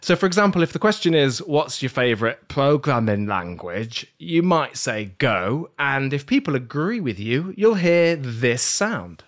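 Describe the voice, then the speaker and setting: A man's voice: on the high side, big pitch swings, unhurried, hardly any pauses. A man hosting a podcast game show in a playful, jokey way. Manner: playful, jokey, self-mocking.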